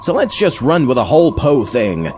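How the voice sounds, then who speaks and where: A man's voice: mid-range voice, sing-song, moderate pace, darkish tone, muffled recording, a little hiss or hum. A man hosting a podcast, giving a plain, informative introduction to an old radio episode. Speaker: podcast host.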